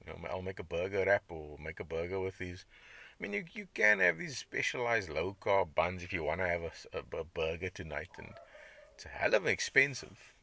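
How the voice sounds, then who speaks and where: A low, gravelly man hosts his own podcast, talking freely in a rambling, conversational way. His voice has a bright, forceful edge, and he reacts to chat comments as he goes. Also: big pitch swings, brisk, no echo. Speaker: podcast host. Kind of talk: casual diet podcast monologue.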